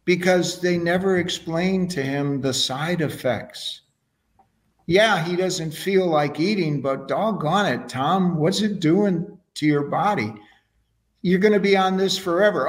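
A man with a fairly high voice speaks slowly and enthusiastically. He tells stories casually as an interview guest. He often restarts his sentences. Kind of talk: casual conversational storytelling.

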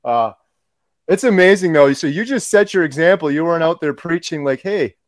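A man's voice: fairly high pitch, animated, fairly quick, no echo. A man hosting a casual interview, speaking with enthusiasm and emphasis. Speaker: host, homesteading video creator.

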